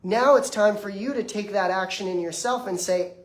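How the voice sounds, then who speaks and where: A man's voice: sits high, moderate pace. Young man in his twenties, emphatic motivational speaker addressing a live audience, recorded in a reverberant room. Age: 20s. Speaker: detox practitioner giving a lecture. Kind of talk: motivational lecture. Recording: echoey room.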